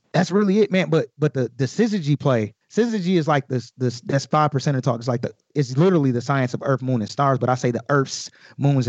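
A man talking casually as a podcast guest, explaining his own rap lyrics in an animated way with many fillers. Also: mid-range voice, no room sound, lo-fi sound. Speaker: guest recording artist.

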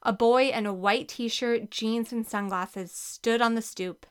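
A woman narrating a children's book with a lively, expressive reading. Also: a little high, slow, clean tone. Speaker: audiobook narrator. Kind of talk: scripted narration.

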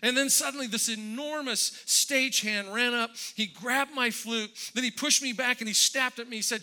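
A man's voice: extremely high pitch, moderate pace, hardly any pauses, pushed and bright. A man preaching a sermon, telling a story in a conversational way with many restarts and repeated words. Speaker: pastor.

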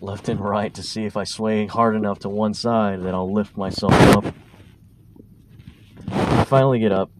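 A man's voice: fairly low pitch, background noise. A man hosting a podcast, telling a story casually and rambling, with stutters and restarts. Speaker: podcast host.

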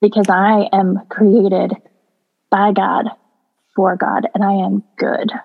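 A woman's voice: medium pitch, level tone, takes it slowly, creaky. A woman talks about faith with strong feeling, stacking up repeated phrases to drive her point home. Her voice comes through a slightly dull, muffled recording. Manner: emotional, repetitive, emphatic. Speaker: co-host of a Christian talk show. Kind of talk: heartfelt faith discussion.

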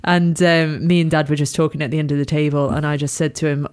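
A woman's voice: deep voice, little pitch movement, moderate pace, few pauses. A young woman, a podcast host, chatting candidly and laughing often. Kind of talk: casual chat.

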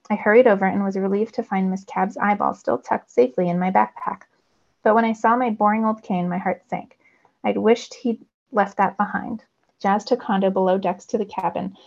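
Gravelly woman reading a novel aloud. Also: medium pitch, dull audio. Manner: expressive storytelling. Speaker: teacher.

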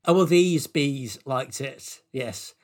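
A man presenting a comedic podcast, reading absurd made-up facts in a deadpan, matter-of-fact way. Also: mid-range voice, slow.

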